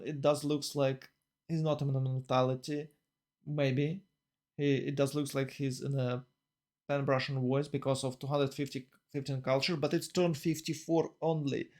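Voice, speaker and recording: A man casting a strategy game tournament live, talking in a rambling, excitable way full of fillers and restarts. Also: on the high side. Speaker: tournament caster. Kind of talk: live esports commentary.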